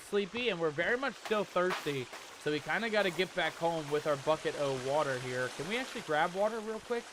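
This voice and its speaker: A man playing a survival horror game and commenting as he goes, calling his viewers "mateys" and shouting when he gets scared. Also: fairly high pitch, a little fast, background noise. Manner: jumpy, excitable, loud when scared. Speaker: gaming YouTuber. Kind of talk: let's play commentary.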